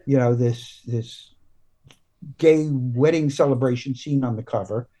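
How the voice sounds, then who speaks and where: Halting American man musing on writing. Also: medium pitch, dark tone. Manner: halting, many restarts and fillers. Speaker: guest comics writer. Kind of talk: casual podcast interview.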